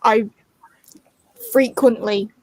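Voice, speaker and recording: A woman's voice: fairly high pitch, fairly even intonation, drawn-out words, darkish tone. An English woman telling wry stories in a casual group chat. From England.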